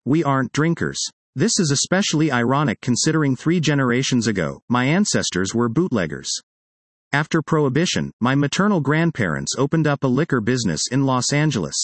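A man's voice: mid-range voice, no echo. Man wryly reading his own essay. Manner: wry, conversational. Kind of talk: reading a personal essay aloud.

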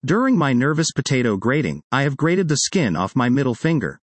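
Wry, expressive male essay reader. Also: mid-range voice, fairly quick, dry recording. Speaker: narrator. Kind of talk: reading a personal essay aloud.

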